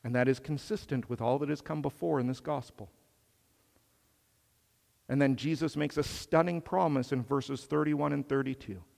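A man preaching a sermon in a slow, measured way, swelling on emphatic phrases. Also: mid-range voice, fairly even intonation, gravelly, darkish tone, big-room sound.

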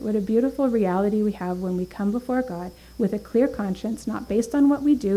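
A woman's voice: mid-range voice, mellow, rough recording. A woman teaching a Bible study, earnest, reading scripture aloud with emphasis and thinking aloud with small fillers and restarts.

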